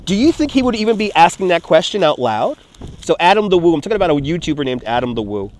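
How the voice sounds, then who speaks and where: A man's voice: on the high side, sing-song, fast talker. A man, live-streaming outdoors from a phone on a gimbal, talking in an emotional, rambling way, repeating himself and swearing. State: close to tears. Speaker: livestream vlogger. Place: outdoors in a city street.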